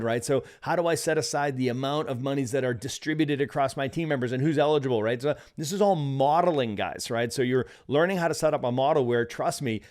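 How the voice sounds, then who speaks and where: A middle-aged man co-hosting a podcast, coaching business owners in lively talk, often tagging "right?" and laughing. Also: medium pitch.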